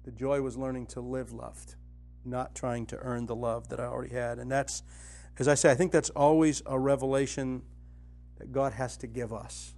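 A middle-aged man giving a conversational spiritual teaching, telling personal stories earnestly, his voice dropping soft and low, then rising with conviction. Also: flat delivery, normal speed, creaky. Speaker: Christian teacher and author.

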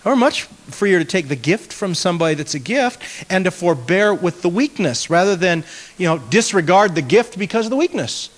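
Male pastor, slightly high voice, earnest and self-mocking, long hall reverb. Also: normal speed. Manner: earnest, animated storytelling with self-mocking humor. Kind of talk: conversational teaching talk to a group.

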